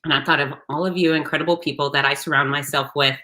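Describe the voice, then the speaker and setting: Woman host with a lowish voice, bright and punchy, blunt storyteller, salty. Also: fairly even intonation, fast talker, a little hiss or hum. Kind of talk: casual storytelling monologue.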